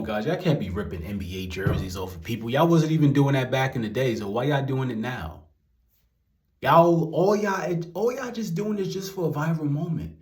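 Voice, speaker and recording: A young adult man from New York, a commentary vlogger, delivers an exasperated, profane rant in a fairly high-pitched voice with a darkish tone. The room is roomy and echoey.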